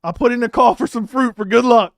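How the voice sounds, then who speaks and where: A young man hosting a live fight watch-along, talking casually and animatedly, swearing, repeating himself and breaking into loud outbursts. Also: very high voice, fairly even intonation, fairly quick, no room sound, studio quality. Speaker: host reacting to a live fight.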